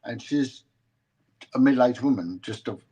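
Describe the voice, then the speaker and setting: Hesitant male guest, ex-cop, mid-pitch, many restarts, casual interview talk. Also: dark tone, breathy edge, highs cut off. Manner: halting, with many restarts and repeated words. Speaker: former policeman, guest.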